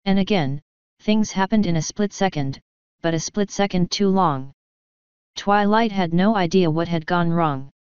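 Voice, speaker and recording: A woman narrating a fan fiction story in an even, steady reading, in a slightly dull, dry recording. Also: fairly low pitch, measured pace, clear, resonant tone, no echo.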